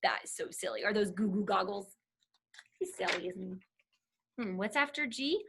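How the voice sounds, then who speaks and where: A woman's voice: medium pitch, expressive, normal speed, vocal fry, background noise. A woman reading a children's alphabet book aloud, sounding out letters in a playful, sing-song teacher's manner.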